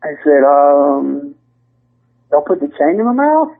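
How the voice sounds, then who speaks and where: A man with a Southern US accent, telling a long rambling story as a podcast guest, full of restarts and animated quoting. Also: a little high, slow. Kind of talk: casual storytelling. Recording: tinny phone line.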